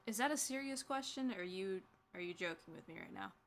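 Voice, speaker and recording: A woman's voice: medium pitch, lively intonation, quick pace, slight background noise. A woman player in a tabletop game, talking in character in a dry, questioning way.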